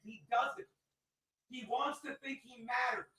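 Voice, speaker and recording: A man co-hosting a gossip livestream, ranting fast and brashly with lots of swearing. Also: very high-pitched, fairly even intonation, crowd noise. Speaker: livestream co-host.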